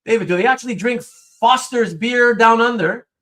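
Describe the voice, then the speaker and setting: A man hosting a casual live-stream chat, talking in an animated way, with frequent stammers and repeated words. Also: very high-pitched, moderate pace. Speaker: host.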